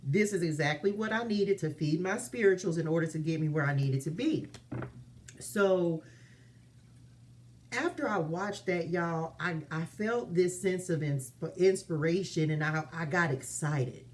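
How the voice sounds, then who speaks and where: A woman's voice: fairly low pitch, measured pace. Chatty, emphatic woman vlogging at home. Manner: chatty and emphatic, addresses viewers as y'all, repeats phrases. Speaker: spiritual reader and vlogger. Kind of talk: casual spiritual vlog talk. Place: her apartment, indoors.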